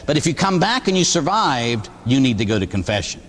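A man, a Catholic priest, preaching a sermon in a conversational, animated way, with rhetorical questions and a touch of humor. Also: medium pitch, a little fast, big-room sound, a little hiss or hum.

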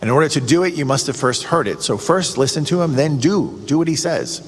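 A man's voice: a little high, brisk, husky, in a large hall. A man preaching a radio sermon, earnest and emphatic, with lots of rhetorical questions. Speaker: radio show host giving a reflection.

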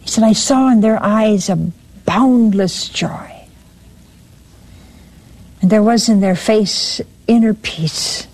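A woman's voice: medium pitch, slow pace, long pauses, darkish tone. A woman giving a sermon, retelling a story and quoting its speakers, with frequent restarts.

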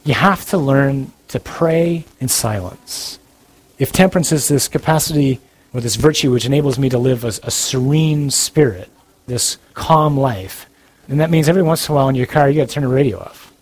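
A priest giving an earnest, direct sermon-style talk, animated and blunt with touches of humor. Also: male voice, mid-range voice, normal speed, rough recording.

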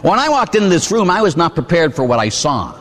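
Male priest, forties, from Pittsburgh; animated sermon storyteller, fairly high pitch, long church reverb. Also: fast talker. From Pittsburgh, USA. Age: 40s. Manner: animated storytelling with rhetorical asides.

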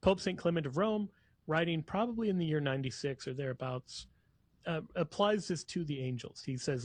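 A man's voice: a little high, a little fast, no room sound. Man explaining scripture with easy laughs. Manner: laughs easily, reads passages aloud. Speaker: guest. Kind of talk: explaining scripture on a call-in radio show.

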